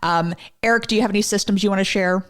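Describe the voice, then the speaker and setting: A woman's voice: medium pitch, steady tone, quick pace. A woman hosting a podcast interview, enthusiastic and upbeat with her guests. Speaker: podcast host.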